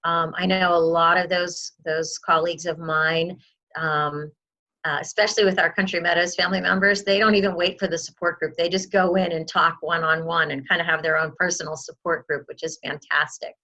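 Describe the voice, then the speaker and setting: Bright-voiced woman giving caregiving advice. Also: fairly low pitch, little pitch movement, brisk. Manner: warm, earnest advice-giving, acts out caregiver phrases. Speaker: memory outreach specialist. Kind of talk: advice in a recorded interview.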